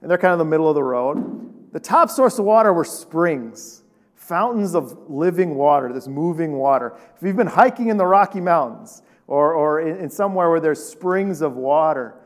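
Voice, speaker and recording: A man with a fairly high voice preaches to his congregation. He keeps it loose and conversational and keeps throwing rhetorical questions at the listeners. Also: expressive, moderate pace. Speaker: pastor. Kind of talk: sermon.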